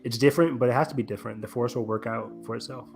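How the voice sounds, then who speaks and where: A man's voice: mid-range voice, fairly even intonation, rapid-fire, gravelly, faint music behind. A young man co-hosting a fan review podcast, talking casually and swearing freely. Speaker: podcast co-host.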